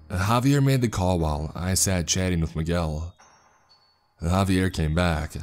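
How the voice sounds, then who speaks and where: Deep-voiced male horror story narrator. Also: lively intonation, measured pace, faint music behind.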